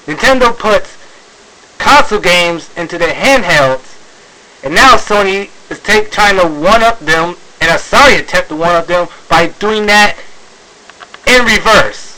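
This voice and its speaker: A man's voice: sits high, animated, a little slow, bright, forceful tone, rough recording. A man ranting in a video commentary, exasperated, sighing, with many fillers and restarts. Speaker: video blogger.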